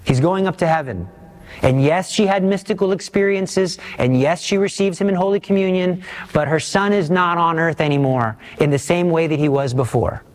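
An earnest man preaching a sermon, his voice sitting a little higher than most men's. He pleads with his listeners and presses them with pointed questions. He slows down deliberately to drive each point home. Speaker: Catholic preacher.

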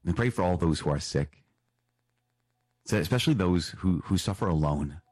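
A priest talking in a casual, self-deprecating way about spiritual life, congested from a cold and often repeating himself. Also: male voice, deep voice, animated, normal speed, a little mellow, husky, no echo.

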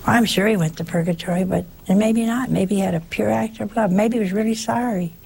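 A woman preacher gives a folksy, conversational sermon, frequently turning to her listeners with rhetorical questions. Her medium-pitched voice is a little fast, creaky, and darkish in tone, with slight background noise.

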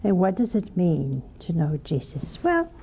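Mellow-voiced nun giving a folksy homily. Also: female voice, on the low side, big pitch swings, unhurried, muffled recording, slight background noise. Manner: folksy storytelling with rhetorical questions. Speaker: religious sister preaching. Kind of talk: homily-style spiritual talk.

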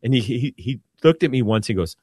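A man, a Catholic priest, co-hosting a radio talk show and speaking in a calm, reflective way. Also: a little fast, husky, no echo, studio quality. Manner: calm, reflective, lowers his voice to soothe. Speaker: priest co-host.

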